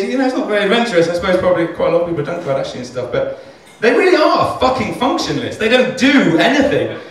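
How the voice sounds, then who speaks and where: A man works through a stand-up set in a club, rambling and self-deprecating, with plenty of swearing. His voice sits a little higher than most men's. He was recorded from far off in a very echoey room, with faint room noise behind him. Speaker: stand-up comedian. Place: comedy club stage.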